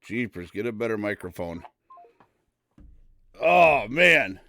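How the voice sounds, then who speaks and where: A middle-aged man hosting a live morning show, loud, excitable and folksy. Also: on the low side, takes it slowly, no room sound. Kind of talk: casual live stream talk.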